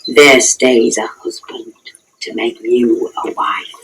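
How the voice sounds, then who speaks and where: A woman's voice: a bass voice, fairly even intonation, slow, a little hiss or hum, rough recording. A woman voicing a garrulous old nurse who groans about her aching bones and dawdles teasingly in a radio play. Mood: testy.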